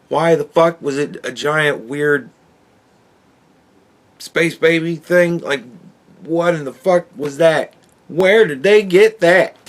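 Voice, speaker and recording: A man hosting a podcast, ranting in a casual and profane way, with exasperated outbursts and laughs. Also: sits high. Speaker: podcast host reviewing a book.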